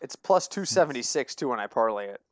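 A man's voice: mid-range voice, animated, quick pace, no room sound, studio quality. A man co-hosting a casual sports betting podcast, telling stories animatedly and laughing at his own jokes. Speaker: podcast co-host.

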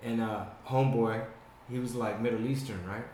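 A man chatting casually and telling stories, swearing often and animated. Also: mid-range voice, normal speed, slight background noise. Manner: profane, animated storyteller. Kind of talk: casual chat. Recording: echoey room.

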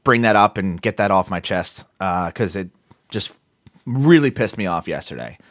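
A man's voice: sits low, moderate pace, no room sound. A man chatting casually on a podcast, telling a story as he acts out what people said. His voice swoops up and down with lots of life, and the sound is dry and close. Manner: animated storytelling with acted-out quotes and swearing. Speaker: podcast co-host.

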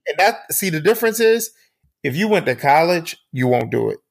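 A man's voice: on the high side, sing-song, normal speed, vocal fry, no echo. A man co-hosting a podcast, a profane storyteller who acts out the voices he quotes. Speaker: podcast co-host. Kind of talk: casual chat.

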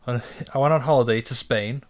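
Young guy, stumbles over words a lot, middle pitch. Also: fast talker. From Britain. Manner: hesitant, repeats words while storytelling. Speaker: podcast co-host. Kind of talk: casual chat.

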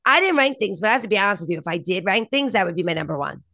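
A woman's voice: on the low side, animated, rapid-fire, gravelly, fairly bright tone, no room sound, studio quality. A woman co-hosting a podcast, chatting casually and enthusiastically about TV shows and laughing often. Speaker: podcast co-host.

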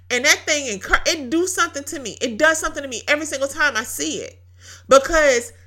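A woman hosts a casual devotional talk in a bright, somewhat high voice. She tells her story in an animated way, laughing often and repeating key phrases for emphasis. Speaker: podcast host.

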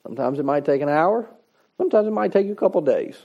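A man's voice: fairly high pitch, lively intonation, fast talker, slightly rough, dull audio. A man preaching a sermon in a conversational, folksy way, reading scripture and adding plain-spoken asides. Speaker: pastor.

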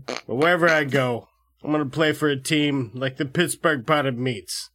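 Gruff, foul-mouthed fired coach, put on by a man, put-on Chicago accent, bright tone. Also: medium pitch, moderate pace, lightly acted. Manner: gruff, swearing, rambling. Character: crude fired male football coach, blunt. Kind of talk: improvised comedy bit.

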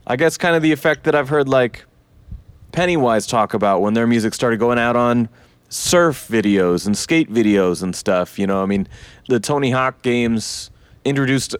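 A man's voice: medium pitch, expressive, normal speed, clear, resonant tone, no echo. Laid-back guy hosting the interview, curious questions, mid voice, dry close sound. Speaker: podcast host. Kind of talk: casual interview.

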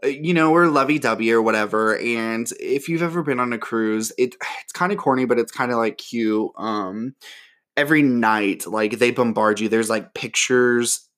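A man telling a story in a casual, sassy way, full of "like", his voice leaping up when he gets excited. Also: moderate pace. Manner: chatty and sassy, heavy use of "like"; animated, with voice jumping high when excited.

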